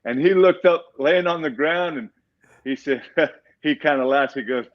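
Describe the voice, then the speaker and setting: A man in his sixties, a former football player, telling a lively story as a guest and chuckling between lines. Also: on the high side, moderate pace. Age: 60s. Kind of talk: storytelling in a live online show. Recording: dull lo-fi audio.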